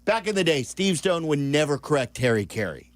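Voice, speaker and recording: Radio sports host guy, chatty, a bit high voice, dry close mic. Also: sing-song, a little fast, no room sound. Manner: chatty, asks lots of questions. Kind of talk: sports talk radio chat.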